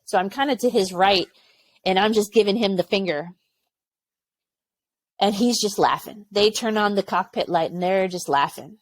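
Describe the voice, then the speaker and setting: A woman in her forties tells her old service stories in a casual podcast interview, candid and lively, slipping into the voices of the people she quotes. Her voice sits at an ordinary middle pitch, recorded close and dry with no room sound. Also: moderate pace, pauses often, no room sound. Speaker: podcast guest, former Army aviation medic.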